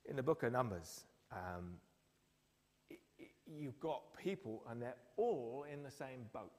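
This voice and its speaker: A man's voice: medium pitch, unhurried. Guy preaching, does little voices for quotes, big echoey church hall. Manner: storytelling, acts out quotes with lively voices. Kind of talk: sermon. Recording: long hall reverb.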